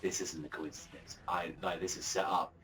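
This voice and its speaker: A man voicing a scheming, cold villain in a low, hushed, sinister tone while retelling a manga chapter. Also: fairly even intonation, moderate pace, distant mic.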